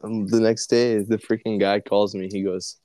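A man's voice: fairly low pitch, moderate pace, no room sound, low-quality recording. A man co-hosting a casual podcast, telling stories with lots of laughter. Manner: animated storyteller, laughs between lines. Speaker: podcast co-host. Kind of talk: casual chat, storytelling.

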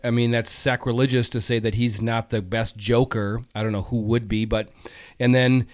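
A man's voice: mid-range voice, level tone, moderate pace, a little mellow. A man in a casual film chat who muses and hesitates as he works out his opinions. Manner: musing, hesitant, circles around his opinions.

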